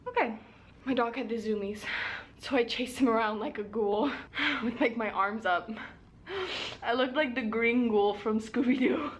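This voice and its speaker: A woman's voice: fairly high pitch, a little slow, slight background noise. A young woman chatting animatedly about a fantasy romance book she is reading, with lots of laughs and fillers in a casual vlog. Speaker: book vlogger. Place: at home.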